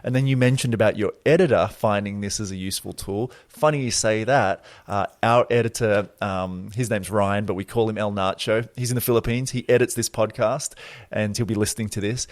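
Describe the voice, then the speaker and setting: A man hosting a podcast, talking in a relaxed, reflective way and thinking aloud. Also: on the low side, fairly quick, dry recording, clean studio sound. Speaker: podcast host. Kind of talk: casual conversational interview.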